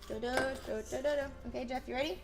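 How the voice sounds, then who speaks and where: A woman's voice: a little high, very fast, creaky. A young woman live-streaming a game, chatting casually with her viewers, humming and giggling. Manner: giggly, hums tunes, greets chat. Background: game music.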